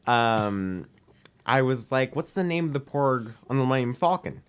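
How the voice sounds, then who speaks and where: A teenage boy appears as a podcast guest, telling a long, rambling story in casual chat, acting out the dialogue with constant "um" and "we're like." His medium-pitched voice is animated, clean, and moderately paced.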